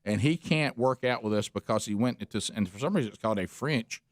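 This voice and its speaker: A man's voice: lowish voice, quick pace, dry recording, studio quality. A man hosting a casual radio talk show, rambling and chuckling, with lots of false starts.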